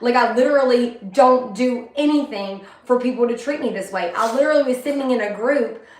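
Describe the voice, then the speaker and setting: A woman's voice: a little high, brisk. A young adult woman talking candidly and emotionally in a rambling personal monologue. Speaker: vlogger. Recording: echoey room.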